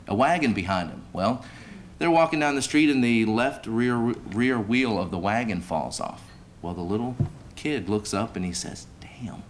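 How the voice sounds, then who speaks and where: A man's voice: fairly low pitch, slight background noise. A man hosting a sports hall of fame banquet as emcee, telling a folksy joke at the podium. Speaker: host and emcee.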